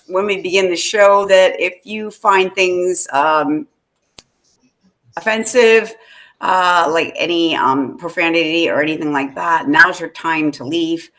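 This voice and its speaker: Brief: casual female podcast co-host, lower voice, rambly and laughing. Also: fairly bright tone. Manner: chatty, laughs often, many fillers. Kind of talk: casual chat.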